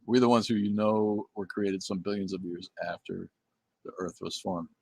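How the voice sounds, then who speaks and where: A man's voice: on the low side, fairly even intonation, moderate pace, vocal fry, darkish tone, breathy edge, no echo. A middle-aged man hosting a casual livestream, answering viewer comments in a blunt, profane and rambling way with many fillers. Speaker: livestream host.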